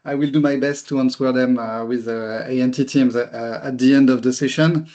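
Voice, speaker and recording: French-accented male CEO, halting webinar talk, slightly muffled video call sound. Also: medium pitch, steady tone, darkish tone. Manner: hesitant, repeats words, many fillers. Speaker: company CEO presenting. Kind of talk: webinar presentation.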